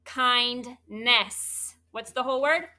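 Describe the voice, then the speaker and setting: A woman teaching a third grade spelling lesson, spelling words out slowly and clearly letter by letter. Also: on the high side, sharp tone.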